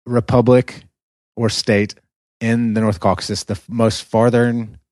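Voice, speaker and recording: A man's voice: medium pitch, little pitch movement, unhurried, darkish tone, no room sound, studio quality. A man with an American Southern accent who hosts a podcast and explains things with enthusiasm in a casual chat. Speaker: podcast host.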